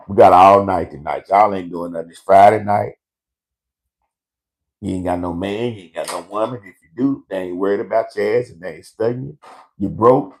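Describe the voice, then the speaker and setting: Brash, gravelly comedy host man. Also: lowish voice. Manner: brash, profane, storytelling. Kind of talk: live comedic rant to online viewers.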